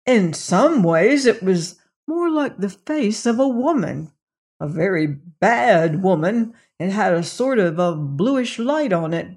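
Narrator doing a frightened, shaky manservant. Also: male voice, high-pitched, breathy edge, full character voice. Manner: anxious, halting, rising voice. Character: frightened male servant, shaky and nervous. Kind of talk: audiobook reading of a mystery novel.

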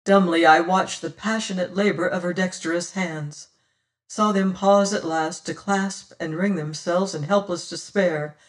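A narrator giving a dramatic first-person audiobook reading, swelling loud on exclamations and going hushed in quiet passages, recorded on a distant mic. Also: medium pitch, fairly even intonation, a little slow.

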